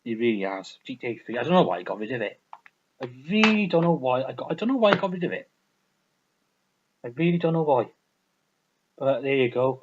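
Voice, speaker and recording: A man's voice: medium pitch, highs cut off, slight background noise. A man ranting casually about old video games, rambling, swearing a lot and repeating himself. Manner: rambling, profane, repetitive. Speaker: gaming vlogger. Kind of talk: casual game review rant.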